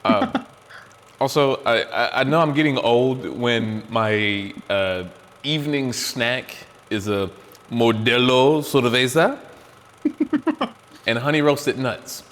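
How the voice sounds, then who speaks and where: A podcast host with a medium-pitched, fairly bright and animated voice speaks slowly, rambling and poking fun at himself while snacking. He chews and eats as he talks into a studio mic with headphones, often restarting sentences, and the sound carries a long reverb tail.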